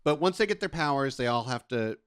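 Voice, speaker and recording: A man co-hosting a podcast, chatting casually in a loose, rambling way with frequent laughs. His voice sits at a middling pitch and sounds close and dry, with no room echo. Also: animated, brisk, fairly bright tone, clean tone. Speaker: podcast co-host. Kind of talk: casual chat.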